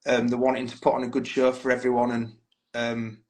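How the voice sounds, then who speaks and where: A man's voice: mid-range voice, monotone, a little fast, darkish tone, low-quality recording. A man, a band's frontman, talking candidly and swearing freely as a guest in a casual podcast interview. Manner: chatty, candid storytelling, swears freely, says "mate" a lot.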